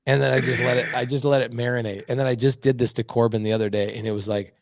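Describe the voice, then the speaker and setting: A middle-aged man telling blunt, animated stories as a podcast guest. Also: medium pitch, no room sound, studio quality. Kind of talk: casual podcast conversation.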